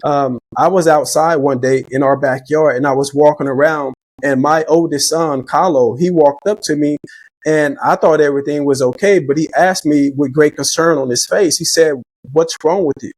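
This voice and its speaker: Earnest man, fairly high voice. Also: steady tone, normal speed, no room sound. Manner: reflective, faith-driven, repeats words when starting sentences. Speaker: podcast guest. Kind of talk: earnest conversational storytelling.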